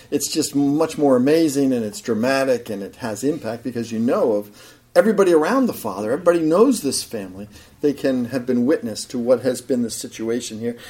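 A man preaching a sermon in an animated way, swinging between loud emphatic bursts and low, quiet asides. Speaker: pastor.

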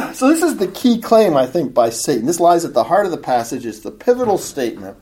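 A woman's voice: fairly low pitch, huge pitch swings, brisk, a little mellow. A woman teaching a Bible study in an earnest, explanatory way, reading from commentators.

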